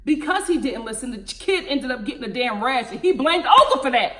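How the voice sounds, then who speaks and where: A young woman, giving frank, animated commentary on a reality show and talking straight to her viewers. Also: high voice, brisk. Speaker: reality TV reviewer. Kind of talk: casual commentary.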